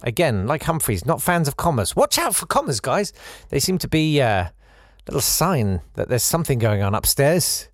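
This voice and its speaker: A man's voice: medium pitch, big pitch swings, moderate pace, no echo, studio quality. A man delivering a satirical comic monologue, full of sarcastic, mocking asides. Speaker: comedian.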